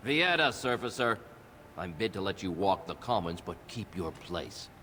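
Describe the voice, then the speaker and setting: An actor playing a blunt, weary dwarf guard captain. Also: male voice, deep voice, very animated, moderate pace, pushed and bright, big-room sound, slight background noise, heavily acted. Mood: gruff. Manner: blunt, weary, plain-spoken.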